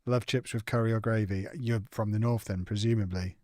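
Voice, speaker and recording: A man's voice: on the low side, steady tone, fairly quick, darkish tone, dry recording, studio quality. A young man hosting a casual live gaming stream, reading out chat and answering it with playful, teasing banter.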